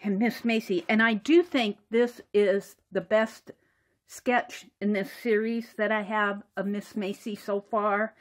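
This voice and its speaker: A woman vlogger walking through her sketchbook in casual show-and-tell narration, chatty and quick to laugh. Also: medium pitch, fairly even intonation. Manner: chatty, laughs often, acts out little dialogues. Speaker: art journaling vlogger.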